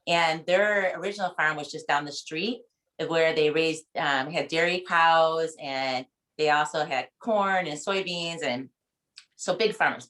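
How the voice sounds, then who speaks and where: A woman in her forties talks on a video call, her voice sitting a little low for a woman. She rambles and restarts, often getting choked up as she shares a personal memory with her book club. The tone is casual and heartfelt. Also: a bit bright. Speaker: book club member leading discussion.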